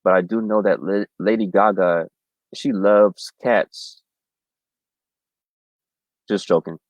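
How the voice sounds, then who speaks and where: A man talking as a guest in a casual chat, halting and hesitant, with many fillers. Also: sits low, fairly even intonation, no room sound. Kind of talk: casual conversation. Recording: dull lo-fi audio.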